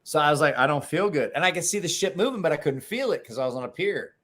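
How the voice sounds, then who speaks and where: A man's voice: fairly high pitch, fast. A man hosting a live stream, telling stories and swearing freely in casual chat. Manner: animated storyteller, swears freely. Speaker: livestream host.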